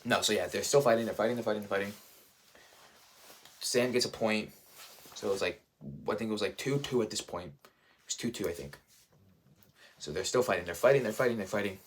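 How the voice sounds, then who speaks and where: A man giving a casual, excited recap as a reviewer, rambling and leaning on "like", "dude" and "bro". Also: lowish voice, brisk, long pauses, a little hiss or hum. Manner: enthusiastic, rambling, heavy use of "like", "dude" and "bro".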